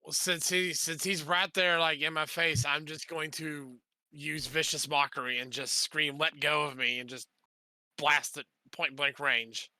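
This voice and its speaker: Hesitant tabletop player, super bright voice, dry sound. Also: mid-range voice, fairly even intonation, measured pace, no room sound. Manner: hesitant, lots of fillers. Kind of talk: playing a tabletop game.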